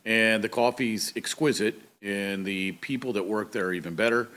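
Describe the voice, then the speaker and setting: A man's voice: on the low side, moderate pace, fairly bright tone. Pastor-host, male, folksy and chatty, acts out quotes. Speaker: pastor and talk show host. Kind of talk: casual monologue.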